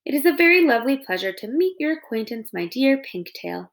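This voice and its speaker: A woman reading aloud plays a formal, literal robot who tries hard to sound friendly. Her pitch rises and falls a lot, and there is a gravelly edge to her voice. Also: big pitch swings, brisk. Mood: stiffly polite. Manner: formal, overly polite, literal. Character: polite, stiff female robot. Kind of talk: reading a children's novel aloud.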